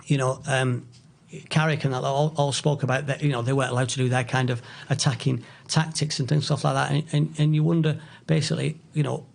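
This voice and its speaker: A man, middle-aged, talking as a guest in a casual podcast chat, opinionated and halting with many restarts. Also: mid-range voice, level tone, gravelly. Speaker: guest, football author.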